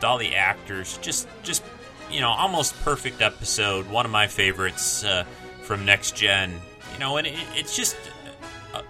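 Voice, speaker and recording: A man hosting a review show, talking in a relaxed, unhurried way with fillers. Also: lowish voice. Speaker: show host. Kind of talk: casual review monologue.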